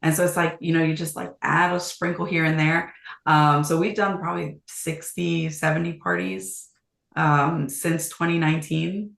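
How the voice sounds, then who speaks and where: A woman in her thirties, a real estate agent, talking as a podcast guest in a brisk, casual way and laughing easily. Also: low-pitched, little pitch movement, gravelly, fairly bright tone. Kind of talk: casual interview chat. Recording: echoey room.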